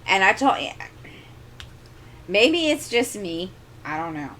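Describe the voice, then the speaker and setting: A woman's voice: mid-range voice, sing-song, takes it slowly, fairly bright tone, a little hiss or hum. A middle-aged woman hosting a crafting channel, chatting casually at home into a desk microphone and telling a long, exasperated story full of asides. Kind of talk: casual chat.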